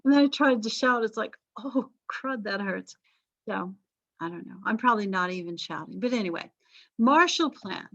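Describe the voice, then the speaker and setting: A woman's voice: mid-range voice, animated, a little fast, fairly bright tone, highs cut off. A woman teaching a history class in a chatty lecture, correcting herself and tossing in jokey asides, her voice a little strained from vocal cord damage.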